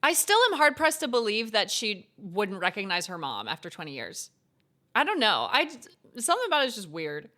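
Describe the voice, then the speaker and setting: A young woman streamer playing a game, excitable and swearing, reading game text aloud between reactions. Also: medium pitch, a little fast. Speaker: gaming streamer. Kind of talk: let's play commentary. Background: game music.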